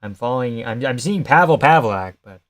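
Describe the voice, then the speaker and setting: A man's voice: mid-range voice, animated, a little fast. Casual young man streaming fight reactions. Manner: loose, profane, chatty, reads and answers chat. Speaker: live streamer.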